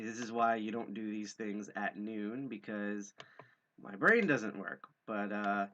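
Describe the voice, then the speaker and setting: A man with a low, mellow voice hosts a casual livestream, rambling through announcements with plenty of fillers. He pokes fun at himself as he goes. The sound is dull and lo-fi, like a home stream feed. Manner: rambling, many fillers, self-deprecating. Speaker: livestream host and hacker group co-founder.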